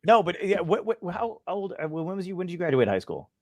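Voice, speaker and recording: A man's voice: high voice, brisk, dry recording. A man in his thirties hosting a casual talk show, chatting and laughing with a guest. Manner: laughing, swearing, animated banter. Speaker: podcast host. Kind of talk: casual chat.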